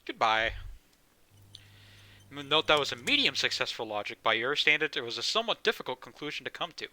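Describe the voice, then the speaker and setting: A man's voice: medium pitch, sing-song, fairly quick, sharp tone, low-quality recording. A man casually playing a game live, amused, reading text aloud. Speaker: streamer.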